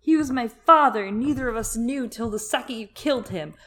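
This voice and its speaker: A woman acting out a furious, grieving teenage boy who shouts accusations. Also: fairly high pitch, a little fast, pitched above the performer's own voice.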